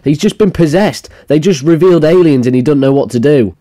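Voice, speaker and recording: A man's voice: on the high side, fairly quick, dark tone, dry recording, clean studio sound. A young man casually reacting to memes, crude and jokey, rambling with restarts. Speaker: meme reaction streamer. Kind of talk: casual meme reaction commentary.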